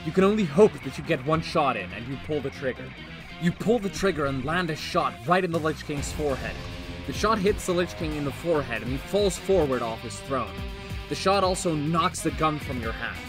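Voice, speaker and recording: A man streaming himself reading an AI text adventure aloud, with animated comic asides. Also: on the high side, fairly quick, over music. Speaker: streamer reading an AI story game.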